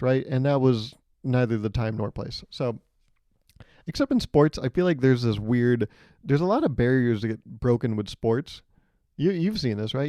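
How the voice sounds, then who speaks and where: Young man, podcast host, sarcastic rambling storyteller, mellow tone, dry sound. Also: medium pitch, dry recording. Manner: rambling and sarcastic, acts out loud voices. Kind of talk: solo comedic storytelling.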